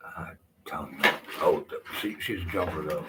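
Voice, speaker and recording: A man casually telling rambling personal stories to the camera, swearing freely and filling pauses with "you know" and "man.". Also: extremely low pitch, distant mic, heavy background noise. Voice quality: rambling, profane, lots of fillers. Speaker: vlogger. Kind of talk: casual storytelling monologue.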